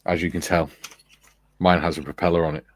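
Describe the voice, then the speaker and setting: This model-building chat host speaks briskly in a low, flat voice. He rambles through an anecdote, restarting along the way and laughing often as he tells it.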